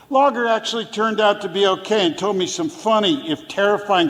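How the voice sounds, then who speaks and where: A man reading his own prose story aloud on stage as a fisher poet, telling it in a dry manner with brief chuckles. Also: high-pitched. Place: theater stage. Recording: live theater with long reverb.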